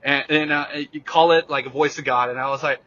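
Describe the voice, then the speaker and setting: A young man, a guest on an interview show, telling a personal story in a halting casual way with many fillers and restarts. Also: on the high side, steady tone, fairly bright tone, dull audio.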